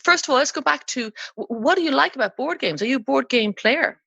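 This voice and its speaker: A middle-aged woman hosting a podcast interview, chatty and quick to laugh. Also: high voice, expressive, vocal fry, fairly bright tone, no echo, muffled recording. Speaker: podcast host. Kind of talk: casual interview chat.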